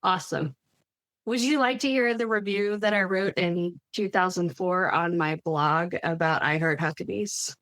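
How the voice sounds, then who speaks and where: A woman co-hosting a podcast in casual chat, breaking in with lively, quick interjections. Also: fairly low pitch, no room sound. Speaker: podcast co-host.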